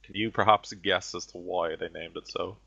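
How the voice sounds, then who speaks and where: A man voicing a callous, condescending ancient heretic sorcerer who gives slow, grandiose speeches. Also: low voice, steady tone, vocal fry, bright, forceful tone, slightly rough, heavily acted. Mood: menacing. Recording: dull lo-fi audio.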